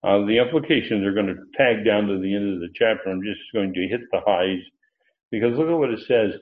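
A man's voice: fairly low pitch, fairly quick. A man preaching an expository sermon, teacherly, lifting his voice to stress key words. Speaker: pastor. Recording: tinny phone-like audio.

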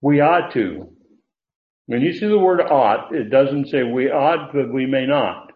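A man's voice: mid-range voice, a little slow. Man, pastor, expository sermon, teacherly, emphatic lifts, tinny phone-line audio. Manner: teacherly, stresses key words with sudden lifts.

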